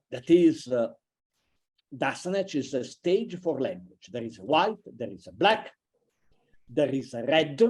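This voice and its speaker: A man giving an online university lecture, halting and thinking aloud with many fillers and restarts. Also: a little high, warm tone. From Italy. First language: a regional language between France and Italy.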